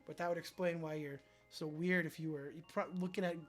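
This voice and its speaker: A man's voice: steady tone, a little fast, faint music behind. A man hosting a casual livestream, reading viewer comments aloud and reacting dryly. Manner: low-key, dry, reads comments aloud and reacts. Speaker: livestream host.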